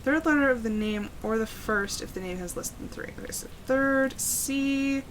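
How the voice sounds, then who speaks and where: A young woman streaming a horror game live, working slowly through puzzles and breaking into frightened exclamations. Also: sits high, a little hiss or hum. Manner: jumpy, frightened exclamations between slow puzzle-solving. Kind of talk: live gameplay commentary.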